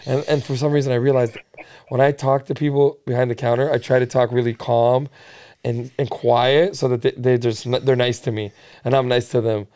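A man hosting a casual chat, telling a crude story in an animated, laughing way. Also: medium pitch, moderate pace. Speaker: podcast host.

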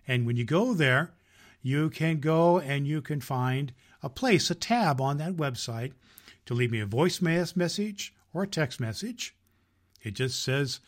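A middle-aged man hosting as Santa, reading a storybook to children in a lively, jolly way. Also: fairly high pitch. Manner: lively storyteller, jolly, laughs at own jokes. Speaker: Santa Claus host reading stories.

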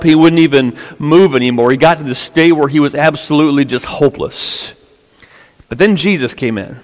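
A pastor talks casually to a youth group, his voice sitting a bit high for a man. He speaks conversationally, often repeating words, and the sound rings with long reverb in a church hall. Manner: conversational, with many repetitions and fillers. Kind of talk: informal sermon to a youth group.

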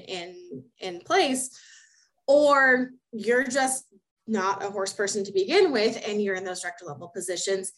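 On a poorly recorded casual podcast, a young adult co-host with a medium-pitched voice talks emphatically, laughs a lot and repeats words as she works through her thoughts. She is a horse program specialist.

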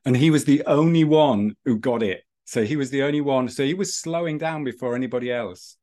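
A man's voice: mid-range voice, fairly quick, mellow. Chatty man telling running anecdotes. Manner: storytelling, rambling with restarts. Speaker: breathing and running instructor. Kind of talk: casual podcast chat.

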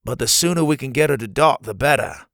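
A calm male camp doctor, as a man acts him out, speaking steadily and reassuringly. The voice sits above the narrator's own pitch, with a gravelly edge, in a dry, close storybook reading. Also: brisk, no room sound, natural voice.

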